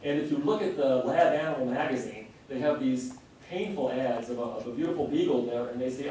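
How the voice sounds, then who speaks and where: A middle-aged man gives an earnest public lecture, slowing down and pushing harder on the points he cares about. He is recorded from a distance, so his voice carries plenty of room echo, with a faint hiss underneath. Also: mid-range voice, dark tone. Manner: earnest, impassioned, varying pace. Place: lecture hall. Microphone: distant room mic. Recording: very echoey hall recording from a distance.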